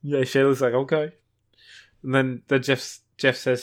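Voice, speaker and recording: A man hosting a podcast, retelling a TV episode in a loose, rambling way. He slips into quick put-on voices for the quotes, with a middle pitch. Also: fairly even intonation. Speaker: podcast host. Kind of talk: casual episode recap.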